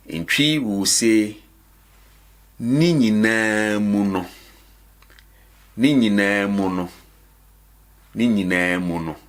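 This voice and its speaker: A man's voice: low-pitched, a bit bright. A man teaching a beginners' language lesson, saying each phrase several times and asking and answering his own questions. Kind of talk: slow repetitive language lesson.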